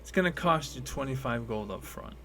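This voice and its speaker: A man's voice: mid-range voice, animated, fairly quick, pushed and bright, a little hiss or hum. A man voicing an older male shopkeeper who is friendly and businesslike, haggling over prices in folksy merchant talk. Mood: bargaining.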